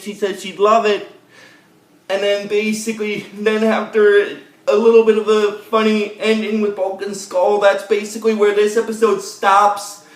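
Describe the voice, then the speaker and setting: High-voiced young man rambling through a recap. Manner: rambling, heavy on fillers and repeated sign-offs. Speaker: video host. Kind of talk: casual episode recap. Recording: roomy echo.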